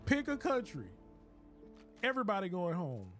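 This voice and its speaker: A man streaming a game, riffing in a joking, animated rant with laughs. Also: sits high, normal speed, soft background music. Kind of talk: casual comedic commentary while gaming.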